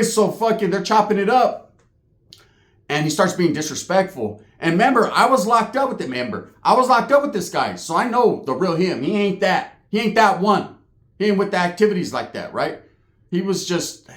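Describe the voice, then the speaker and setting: A man hosting his own channel tells a story in a loose, profane, streetwise way. His voice sits a bit higher than most men's. The room around him is echoey. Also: very animated, moderate pace. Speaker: channel host telling a story. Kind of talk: casual storytelling monologue.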